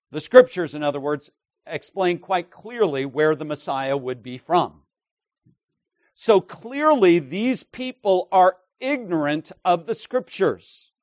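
A man's voice: sits high, dry recording. A man preaching an expository sermon, emphatic, checking in with his listeners and acting out the quoted lines.

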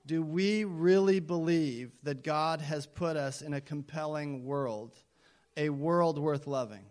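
A man's voice: fairly high pitch, takes it slowly, darkish tone. A man preaching a conversational sermon to his congregation, with self-deprecating asides and emphatic repetition. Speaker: pastor.

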